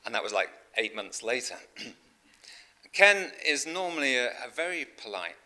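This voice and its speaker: A middle-aged man preaching a sermon in a conversational storytelling way, with fillers and frequent throat-clearing. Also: medium pitch, big pitch swings, a little slow, bright, forceful tone.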